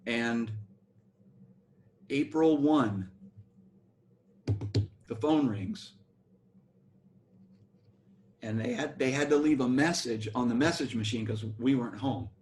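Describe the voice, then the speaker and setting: Brief: older American musician guest, rambling anecdotes, mid-pitched, faint hiss. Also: male voice, measured pace, pauses often, a little mellow. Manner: rambling anecdotal storytelling with restarts. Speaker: guest musician, bass player. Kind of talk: storytelling interview.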